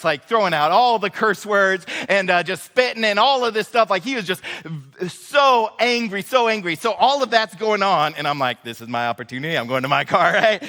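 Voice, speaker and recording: A man's voice: high voice, sharp tone. A man, preaching a sermon as a pastor, telling a story in a casual, joking way with many fillers. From Northwest Arkansas. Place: church sanctuary. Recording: reverberant church hall.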